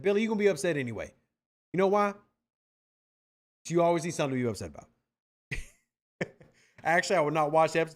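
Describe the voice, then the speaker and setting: A man hosting a casual livestream podcast, animated and playful, teasing viewers as he reads the chat aloud. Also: high-pitched, brisk, pauses often. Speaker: podcast host reading chat.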